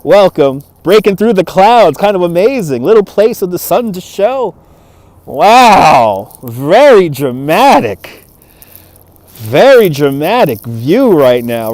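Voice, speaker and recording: The stream's host, a man with a high, sing-song voice, speaks unhurriedly and without echo as he walks outdoors by a cold waterfront. Holding a phone on a gimbal, he chats, laughs, and thanks his viewers by name.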